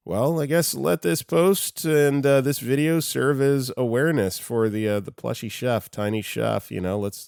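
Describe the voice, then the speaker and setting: A man's voice: medium pitch, gravelly, a little mellow, no echo, clean studio sound. A man narrating online stories aloud, with casual laughing asides between posts.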